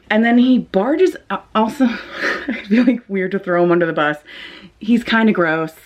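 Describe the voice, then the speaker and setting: A woman's voice: medium pitch, lively intonation, fairly quick. Shaken young woman rambling in a dim room. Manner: rambling, breathless and profane, lots of "like". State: shaken and jittery. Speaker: vlogger. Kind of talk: shaken late-night storytime vlog. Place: dim living room at night, indoors. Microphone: phone or webcam camera mic.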